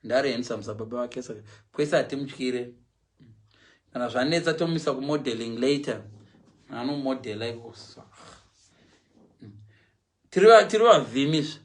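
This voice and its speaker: A man's voice: medium pitch, brisk, pauses often, slight background noise. A middle-aged man chatting casually on a live stream, mixing English and Shona and acting out voices. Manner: animated, switches often between English and Shona; acts out quoted voices and animal sounds.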